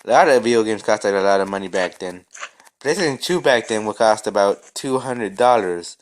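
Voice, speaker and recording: A man's voice: lowish voice, animated, moderate pace. A young man vlogging casually while playing a game, rambling with many restarts and stammers. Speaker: gaming vlogger.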